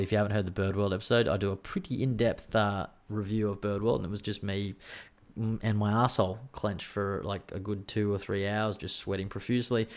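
An Australian man with a fairly low voice hosts a solo podcast. He chats casually and rambles, swears freely and pokes fun at himself. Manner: rambling, profane, self-mocking banter. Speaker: podcast host.

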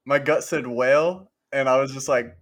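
A man's voice: mid-range voice, moderate pace, a crowd in the background. Laid-back man swearing freely. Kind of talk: crude casual banter.

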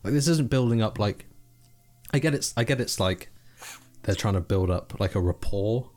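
A man's voice: lowish voice, animated, moderate pace, darkish tone, faint music behind. A young man, co-hosting a podcast in casual chat, rambling and swearing freely as he mimics people. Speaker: podcast co-host.

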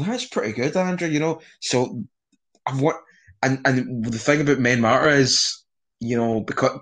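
A young Scottish man chatting casually in an interview, rambling with frequent restarts and swearing. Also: mid-range voice. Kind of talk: casual conversation.

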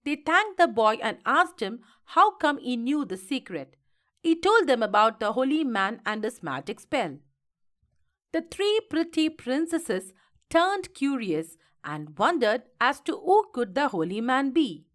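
A woman reading a fairy tale aloud in a slow, expressive storytelling manner. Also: high-pitched.

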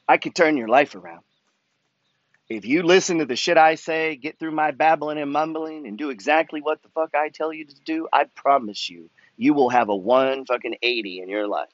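Fired-up, profane man, higher voice. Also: moderate pace, no echo, muffled recording. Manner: swears constantly, pushy, fired-up. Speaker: host reading follower emails. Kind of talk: profane motivational rant.

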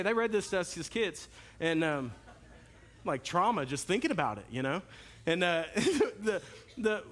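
A male pastor preaches a sermon with a very high, bright voice. He is animated, telling stories and speaking straight to his congregation. The delivery feels lively and personal. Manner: animated, storytelling, direct to the congregation.

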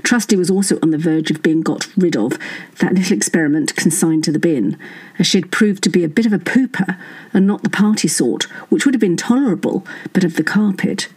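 A woman's voice: lowish voice, a little fast, a little mellow, slightly rough, rough recording. A woman narrating a satirical serial story in a wry, dry manner, voicing the dialogue herself.

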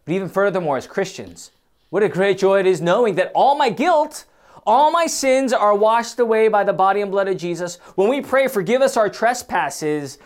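A man preaching a sermon, swinging between loud, emphatic passages and quiet, hesitant musing with many fillers. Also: high-pitched, lively intonation, moderate pace.

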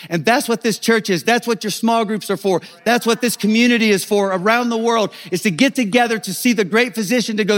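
A man's voice: sits high, fast talker, hardly any pauses, fairly bright tone, a faint crowd. A middle-aged male pastor giving an earnest, confessional sermon, sharing personal testimony with many stammered restarts.

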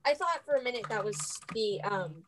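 A teenage girl chatting with a friend in an eager, drawn-out way, agreeing often. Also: a little high, expressive, background noise. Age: teens. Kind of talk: casual chat about a musical.

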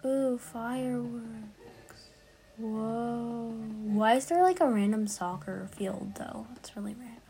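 A woman's voice: on the high side, slow pace, warm tone, soft background music. A woman chatting casually as she plays a game, reading its lines aloud and reacting along the way. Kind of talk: gameplay commentary.

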